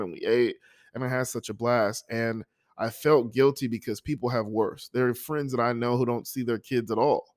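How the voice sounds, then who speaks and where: A man, a father, reading his own poems and talking through painful holiday memories in a halting, heartfelt way with sighs and restarts. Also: medium pitch, no room sound, studio quality. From United States. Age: adult, a father. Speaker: poet sharing his poems. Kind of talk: emotional spoken-word reading and personal reflection.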